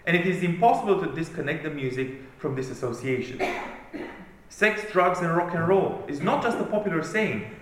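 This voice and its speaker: Male preacher, high lively voice, emphatic sermon delivery, heavy room echo. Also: moderate pace, slight background noise. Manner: emphatic, declamatory reading. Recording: very echoey room.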